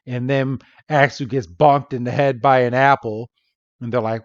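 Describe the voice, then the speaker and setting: In a dry, lo-fi recording, a man with a mid-range voice co-hosts a podcast and walks through a cartoon episode casually. His retelling is lively, peppered with quick imitations of the characters.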